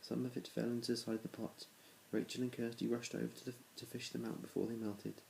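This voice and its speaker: A man's voice: medium pitch, level tone, a little fast, gravelly, a little mellow, a little hiss or hum, rough recording. A man reading a children's storybook aloud to his children, in a plain reading voice with small restarts. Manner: plain reading with small restarts, little change between characters.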